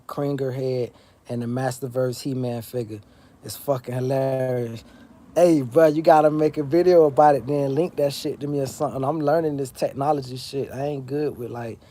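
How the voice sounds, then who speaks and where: This livestream host from South Florida has a medium-pitched voice with a dark tone. He rambles and curses freely in a casual stream, talking directly to viewers and answering their chat messages.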